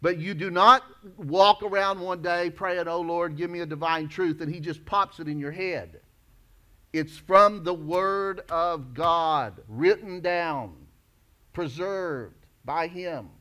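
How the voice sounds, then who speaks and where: A male pastor preaching a sermon emphatically, rising to loud declarations and dropping low. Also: slow pace.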